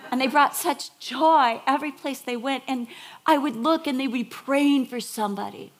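A woman preaching a sermon, telling a personal story with lively acted-out quotes and soft whispered emphasis. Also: high voice, normal speed.

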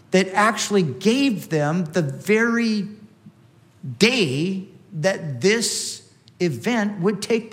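Man preaching a teaching sermon. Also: a little high. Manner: teaching, with frequent restarts and emphatic repetition.

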